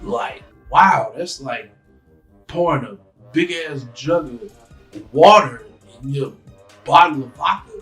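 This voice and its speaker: A man hosting a casual podcast, telling stories in a loose, animated way and acting out scenes in quick voices. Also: a little high, soft background music, poor audio. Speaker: podcast host. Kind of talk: casual chat.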